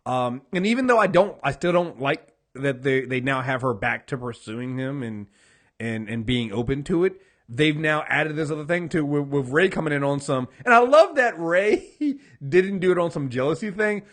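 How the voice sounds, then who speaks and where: Animated man recapping a TV episode. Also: fairly high pitch, normal speed. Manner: animated, acts out characters' lines, swears freely. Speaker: podcast co-host. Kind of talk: casual TV recap discussion.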